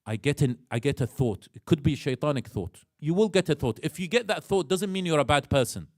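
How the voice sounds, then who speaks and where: A man with an Iraqi accent giving a religious lecture in a mosque, animated, acting out inner voices and asking the audience questions. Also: a little high, fairly quick, no echo, clean studio sound.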